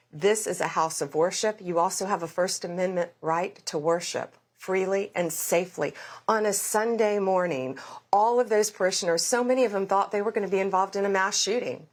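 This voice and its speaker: A woman's voice: lowish voice, moderate pace. A middle-aged woman answering questions in a political news interview, telling events in vivid detail and making firm, repeated vows. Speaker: interview guest, government official.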